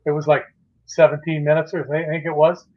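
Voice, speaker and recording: A man, a magazine publisher, telling a fishing anecdote in a casual, animated way with many restarts. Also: a little high, fairly quick, dull audio. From Canada. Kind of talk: casual storytelling on a live show.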